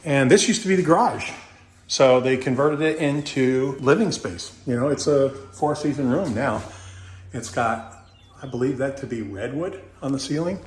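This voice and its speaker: A man's voice: medium pitch, moderate pace. A middle-aged man from Kentucky, chatty and joking, walking through a house and yard on a casual tour and a little winded. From Kentucky, USA. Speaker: real estate investor vlogger. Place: outdoors and inside a house on a property tour.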